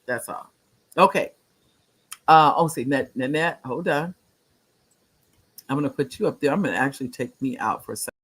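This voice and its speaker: A man's voice: medium pitch, normal speed, long pauses, a bit bright, husky. A man in his late sixties hosting a live-streamed talk show, speaking earnestly, repeating phrases for emphasis, and reading viewer comments aloud. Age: 60s.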